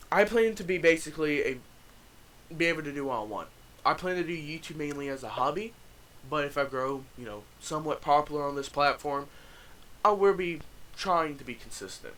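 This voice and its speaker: A man's voice: fairly high pitch, lively intonation, normal speed, long pauses, fairly bright tone, rough recording. A young man telling a story and chatting about his channel in a loose, profane, rambling way with frequent restarts. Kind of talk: casual storytime vlog.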